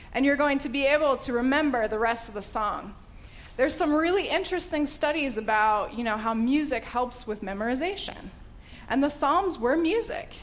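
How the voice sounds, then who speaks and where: Woman Bible study teacher, slightly high voice, casual and enthusiastic, with a faint hiss under her voice. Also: normal speed. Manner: chatty and enthusiastic, with frequent fillers and laughs.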